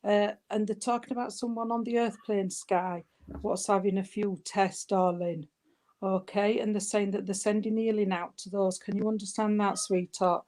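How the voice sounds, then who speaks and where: A woman, working as a spiritualist medium and giving a spirit reading at a service. She talks gently and soothingly, calling the listener sweetheart and darling, and often stops and restarts her sentences. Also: mid-range voice, fairly even intonation, moderate pace. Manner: hesitant, with frequent restarts.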